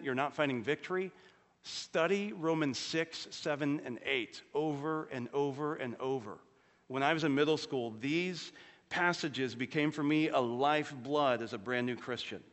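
A man preaching a sermon as pastor, earnestly rising for emphasis and dropping to a low, quiet voice on solemn points. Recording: long hall reverb.

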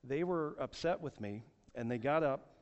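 A man's voice: medium pitch, lively intonation, moderate pace. A man in his forties preaching a sermon, telling a story earnestly and often repeating words. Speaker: pastor. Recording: echoey hall, dull sound.

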